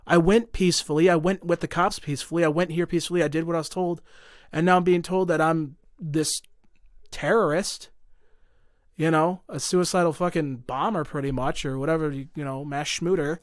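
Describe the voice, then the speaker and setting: A man's voice: a little high, no echo, studio quality. Young man telling a heated story. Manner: profane, heated, full of fillers. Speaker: podcast guest. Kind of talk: casual storytelling.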